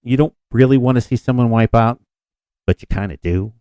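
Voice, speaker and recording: A man's voice: mid-range voice, brisk, dark tone, smooth, no room sound. A man co-hosting a podcast in casual chat, rambling and self-deprecating with frequent restarts. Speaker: podcast co-host.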